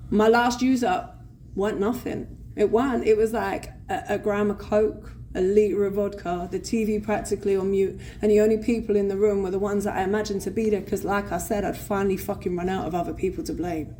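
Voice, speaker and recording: A woman with a London accent telling her recovery story at a convention, blunt, swearing and animated. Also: mid-range voice, fairly quick. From England. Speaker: recovery speaker. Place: convention hall stage. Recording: faint room noise at a convention.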